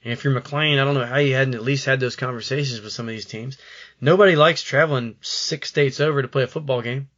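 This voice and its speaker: A man's voice: mid-range voice, quick pace, a bit bright, lo-fi sound. A man co-hosting a podcast, talking casually about college sports in rambling sentences with frequent stammered restarts. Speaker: podcast co-host.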